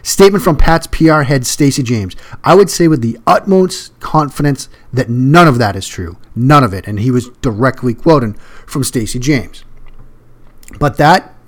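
Guy doing his own sports podcast, chatty and emphatic, mid pitch, keeps repeating words to push a point. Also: animated, moderate pace. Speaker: podcast host. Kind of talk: solo sports podcast commentary.

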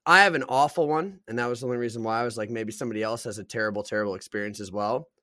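A man's voice: mid-range voice, racing, bright, forceful tone, no room sound, clean studio sound. Laid-back rambling man hosting. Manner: laid-back, rambling, fills with ums and uhs. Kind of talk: casual chat.

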